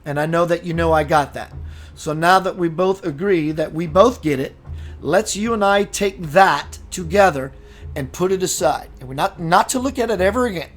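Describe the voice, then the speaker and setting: Male host of a live spiritual show, emphatic and preacherly, a bit high-pitched, faint music underneath. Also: moderate pace. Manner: emphatic, preacherly, calls viewers sister and brother. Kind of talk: live-streamed spiritual talk reading viewer comments.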